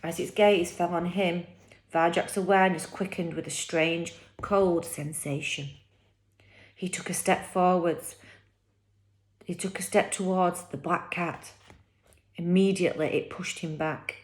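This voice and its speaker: A woman reads a children's novel aloud, one chapter at a time. Her voice sits slightly low, and her delivery is expressive and dramatic. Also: unhurried. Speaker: storyteller reading a children's novel. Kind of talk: chapter-by-chapter book reading.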